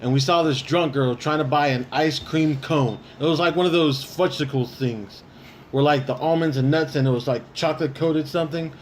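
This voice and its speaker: A man's voice: on the high side, fairly quick. A man co-hosting a casual podcast, telling rambling stories and bantering defensively with friends. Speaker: podcast co-host. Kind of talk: casual chat. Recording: faint background noise.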